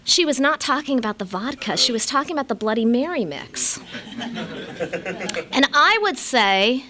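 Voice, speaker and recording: A woman's voice: on the high side, sing-song, measured pace, pauses often, bright, forceful tone, slight background noise. A woman from Los Angeles telling her own story as a recovery meeting speaker, with wry, self-mocking humor. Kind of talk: personal storytelling talk to a live audience.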